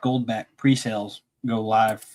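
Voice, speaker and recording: A man, co-hosting a casual live-stream sale in a relaxed, joking way. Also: on the low side, a little slow. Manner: relaxed, laughs at own remarks. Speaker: co-host seller.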